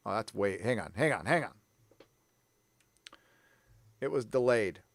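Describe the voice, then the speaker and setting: A man's voice: on the low side, animated, a little slow, gravelly, dry recording. Guy from san diego rambling on his live stream, jokes at his own expense, dead dry sound. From San Diego, California. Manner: rambling, self-deprecating, off-the-cuff. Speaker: livestream host. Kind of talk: casual live-stream chat.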